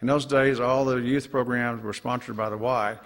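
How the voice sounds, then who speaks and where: Man from oklahoma city, halting heartfelt speech, normal pitch, big hall reverb. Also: fairly even intonation, a bit bright. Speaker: son giving a family tribute. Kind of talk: speech at an induction ceremony. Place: ceremony hall.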